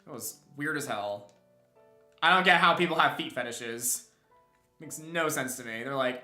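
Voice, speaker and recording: A man's voice: medium pitch, normal speed, sharp tone, soft background music. A young man streaming a game, chatting casually and rambling with many restarts and chuckles. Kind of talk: casual live-stream chat while gaming. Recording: roomy echo.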